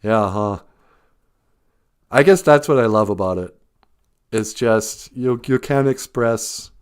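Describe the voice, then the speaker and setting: A man's voice: fairly low pitch, clean tone. A man hosting a casual live stream, reading out viewer comments, often chuckling and thinking aloud in a reflective way.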